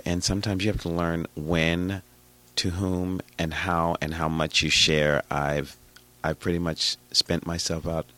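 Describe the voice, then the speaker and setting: A man hosting a radio show in a chatty, rambling way, with a husky, raspy voice that is hoarse from a cold. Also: sits low. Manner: chatty, rambling, sudden bursts of loudness. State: hoarse, getting over a cold. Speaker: radio host and DJ. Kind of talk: casual radio chat.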